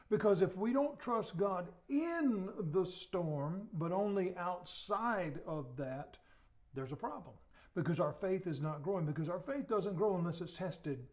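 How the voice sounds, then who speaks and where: High-voiced earnest male pastor. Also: animated, measured pace. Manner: earnest, repeats words, drops to soft emphasis. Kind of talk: sermon teaching.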